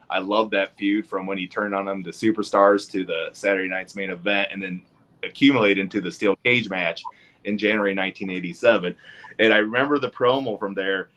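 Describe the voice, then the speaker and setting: A man's voice: on the low side, a bit bright. A man, a guest on a podcast, chatting casually and talking at length, piling up dates and figures.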